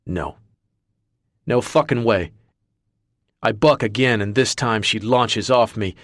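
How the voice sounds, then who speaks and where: A man's voice: mid-range voice, a little slow, no room sound, studio quality. A man narrating an audiobook in the first person with intense, dramatic delivery.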